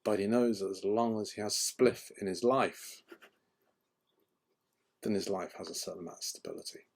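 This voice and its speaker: A man talks casually in a fairly low voice. He rambles, pausing often with ums and restarting his sentences, the way an author does when chatting informally about his work. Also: gravelly. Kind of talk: casual chat.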